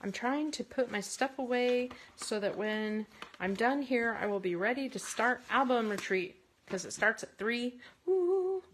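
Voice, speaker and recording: A woman hosting a casual card-making tutorial from her craft space, chatty and rambling, with bursts of excitement. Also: a little high, measured pace, a little hiss or hum.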